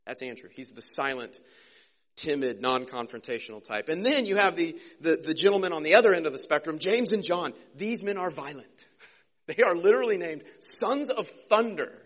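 A man preaching a casual, conversational sermon as a pastor, joking and slipping into quick character voices. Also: on the high side, animated, fairly bright tone.

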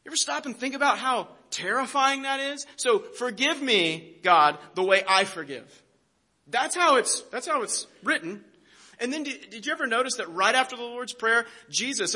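A man's voice: high voice, pushed and bright. A man preaching a sermon, emphatic, asking rhetorical questions and often repeating words as he builds a point. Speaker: pastor.

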